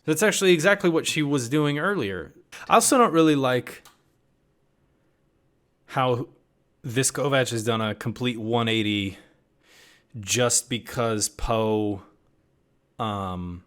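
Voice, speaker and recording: A man's voice: mid-range voice, fairly bright tone, clean tone. A man giving a casual reaction review of a TV episode, critical and puzzled, often reading out lines of dialogue. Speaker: TV series reviewer.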